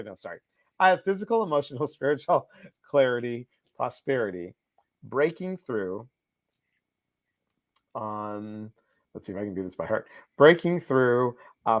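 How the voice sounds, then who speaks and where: A man hosting a casual live-stream chat, reading viewers' comments aloud and answering them. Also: medium pitch. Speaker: host. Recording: slightly dull lo-fi stream audio.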